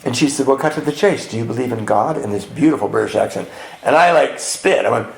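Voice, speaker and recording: A man telling his recovery story at a men's retreat, animated and laughing, acting out the people in it. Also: mid-range voice, quick pace, creaky. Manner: animated storyteller, acts out voices, laughs often. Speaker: retreat speaker. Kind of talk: personal recovery testimony with humor. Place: retreat meeting hall. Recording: echoey hall with faint background noise.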